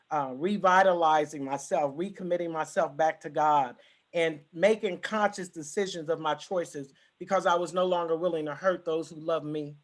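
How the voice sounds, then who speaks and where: A woman giving a personal testimony as a guest speaker, talking emphatically and repeating her key phrases for weight. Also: on the low side. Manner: emphatic, repetitive storytelling.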